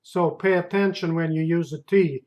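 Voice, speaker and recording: A man's voice: fairly high pitch, steady tone, moderate pace, darkish tone. A man with a Russian accent teaching a language lesson, saying each word with care and repeating it several times. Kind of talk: slow spoken language lesson.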